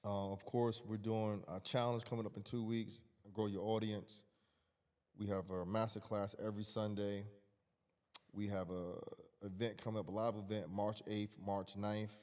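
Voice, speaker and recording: A man podcast guest in casual talk, relaxed as he lists where to find him and his upcoming events. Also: on the low side, moderate pace.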